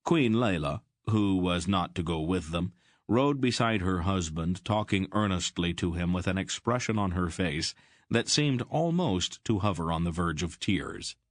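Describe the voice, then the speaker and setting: A man narrates a fantasy audiobook in a deep, low voice, steady and even. The recording is close and completely dry. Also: a little slow, no echo. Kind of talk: scripted narration.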